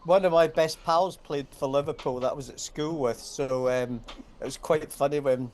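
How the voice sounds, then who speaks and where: A man's voice: fairly high pitch, moderate pace, a little mellow. A man, a caller on a video call, chatting in a friendly, teasing way. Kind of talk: casual chat.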